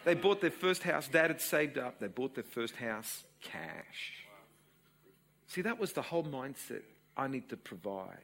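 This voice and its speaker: Animated husky Australian pastor. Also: male voice, a little high, a little slow. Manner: storytelling, animated, addressing the congregation. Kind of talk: sermon.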